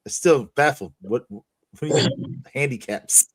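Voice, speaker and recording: A man's voice: medium pitch, measured pace, pauses often, husky. A man hosting a casual livestream chat, swearing freely and laughing through his stories. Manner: profane, laughing storyteller. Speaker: streamer host.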